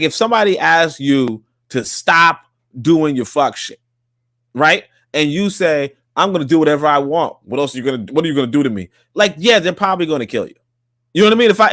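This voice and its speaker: A man's voice: fairly high pitch, a bit bright, no room sound, clean studio sound. A man talking as a podcast guest in casual debate, rambling, repeating himself and swearing.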